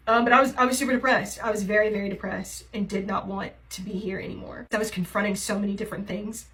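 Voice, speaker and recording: A woman's voice: mid-range voice, fairly even intonation, fast, fairly bright tone, low-quality recording. Young woman confiding in a rambling vlog. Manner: rambling and hesitant, heavy on fillers; emotionally raw, confiding. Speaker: TikTok creator. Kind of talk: confessional get-ready-with-me vlog.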